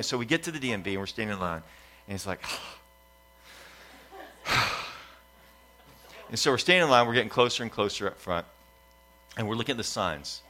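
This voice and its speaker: Man, middle-aged pastor, bright forceful voice, sermon, animated storytelling, repeating lists. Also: on the low side, fast. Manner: repetitive preaching cadence, builds in lists.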